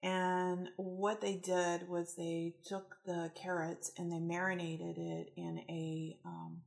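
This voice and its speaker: A woman giving a casual spiritual-coaching talk, animated and rambling, acting out the quotes in her stories. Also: fairly low pitch, takes it slowly, creaky.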